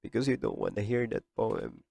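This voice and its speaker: Podcast host, young man, low register, tearful sincerity, dry close mic. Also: huge pitch swings, brisk, vocal fry, darkish tone, dry recording. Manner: emotional, tearful, earnest. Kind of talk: heartfelt podcast monologue.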